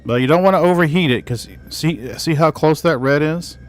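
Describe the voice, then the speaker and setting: A man's voice: fairly high pitch, moderate pace, slight background noise. A man streaming a space game, chatting casually as he plays and talks to his cats. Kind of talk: casual gameplay commentary.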